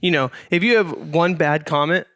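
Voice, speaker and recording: A man's voice: on the high side, moderate pace, fairly bright tone, dry recording, studio quality. A young man co-hosting a podcast, talking in a casual, rambling way with many fillers and restarts. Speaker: podcast co-host. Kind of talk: casual chat.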